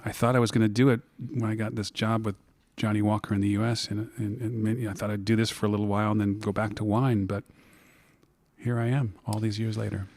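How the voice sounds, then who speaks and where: Middle-aged American male guest, low voice, close dry mic, reflective storyteller. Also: a little mellow, no echo. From United States. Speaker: guest, whisky maker. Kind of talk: relaxed interview storytelling. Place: blending room in an office.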